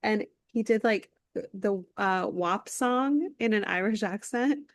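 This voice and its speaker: A woman co-hosting a podcast in casual chat, playful and quick to laugh. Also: medium pitch, dry recording, studio quality. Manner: laughing, playful, slips into mock accents. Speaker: podcast co-host.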